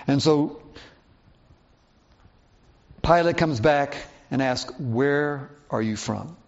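Lo-fi pastor preaching through scripture. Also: male voice, a little high. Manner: expository Bible teaching, reads scripture aloud. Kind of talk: sermon. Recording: dull lo-fi sound.

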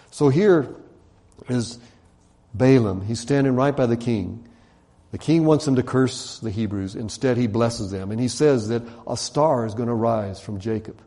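A preacher delivers his sermon as loose, conversational storytelling, his mid-range voice mellow and dark at a normal speed. He animates the quotes and relies on casual fillers.

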